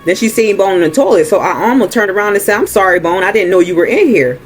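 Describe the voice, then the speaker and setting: A man hosting a movie recap, retelling the story in a casual, chatty way with laughs. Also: high-pitched.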